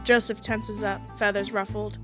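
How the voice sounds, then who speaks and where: A woman's voice: mid-range voice, little pitch movement, moderate pace, over music. A woman streamer reading a visual novel aloud, narrating in second person and breaking off with giggly, chatty asides. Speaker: game streamer.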